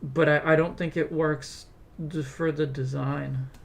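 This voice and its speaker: Hesitant live streamer, slow and gravelly, thinks aloud. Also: mid-range voice, level tone. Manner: hesitant, restarts often. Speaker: streamer designing creatures. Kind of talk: casual live-stream chat.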